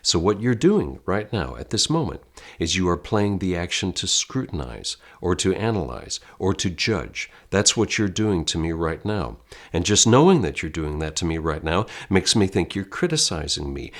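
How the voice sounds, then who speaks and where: Low-voiced, lively American acting teacher. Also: male voice, moderate pace. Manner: direct, theatrical, addresses viewer as a class. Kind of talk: online acting lesson.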